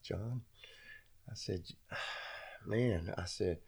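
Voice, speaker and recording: A man's voice: fairly low pitch, big pitch swings, takes it slowly, vocal fry, a little mellow, slightly rough. A middle-aged man telling a long personal story in casual chat, rambling and laughing at himself. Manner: rambling, self-deprecating, laughs often.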